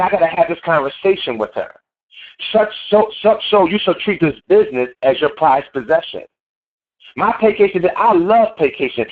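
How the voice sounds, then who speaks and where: Emphatic man over a tinny phone line. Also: high-pitched. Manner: preachy, repetitive, emphatic. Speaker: network marketing trainer. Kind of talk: motivational training talk.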